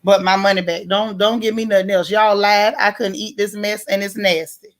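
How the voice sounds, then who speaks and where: A woman from Florida hosts a casual morning livestream and answers her viewers as she goes. She talks in a blunt, animated way, full of slang, and laughs often. Her voice sits at a medium pitch. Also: normal speed. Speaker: livestream host. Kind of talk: casual livestream chat reading viewer comments.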